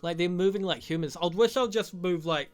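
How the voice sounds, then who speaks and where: A man's voice: high voice, brisk, faint music behind. A young man giving a rambling, profane, joking recap of a movie as a reviewer. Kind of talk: crude comedic movie recap.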